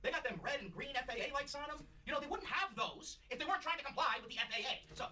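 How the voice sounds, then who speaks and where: A man's voice: extremely high pitch, lively intonation, quick pace, far from the mic, background noise. A man hosting a comedy show, delivering a profane, mocking scripted rant with heavy emphasis.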